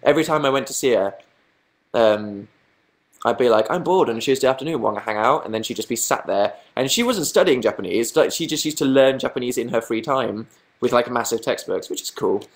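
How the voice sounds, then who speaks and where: Fairly quick and animated, this young man's mid-range voice carries his rambling livestream chat. He mocks himself and reads out the viewers' comments as he goes.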